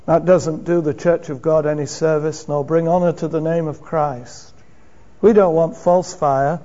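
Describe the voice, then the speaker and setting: A man preaching a sermon in a church, emphatic and measured, asking rhetorical questions and chuckling now and then. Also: a little high, steady tone, warm tone. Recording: dull lo-fi sermon recording.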